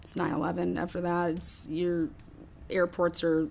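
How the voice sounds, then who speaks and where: A woman's voice: lowish voice, completely flat delivery, unhurried, vocal fry, darkish tone, slight background noise. A woman hosting a true crime show, talking through her theory in a rambling, casual way, swearing often and acting out what others might have said.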